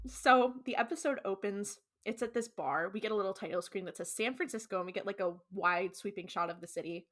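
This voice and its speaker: Bright, chatty Californian woman podcast co-host recapping a show scene by scene; laughs a lot. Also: medium pitch, fairly quick, few pauses. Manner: chatty, laughs often, acts out characters' lines. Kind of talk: casual podcast chat, recapping an episode.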